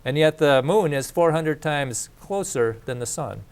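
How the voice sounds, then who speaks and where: A man's voice: a little high, animated, a little slow, clean tone. A man teaching a faith course in a casual lecture, speaking conversationally with restarts and asides. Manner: conversational, repeats and restarts, plain speech.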